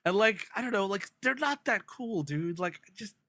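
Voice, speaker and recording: Brief: male podcast co-host, slightly high, bright forceful tone, dry sound, laughs through his recap. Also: expressive, moderate pace, dry recording. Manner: rambling, laughs often, mocking asides. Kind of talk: casual comedic recap chat.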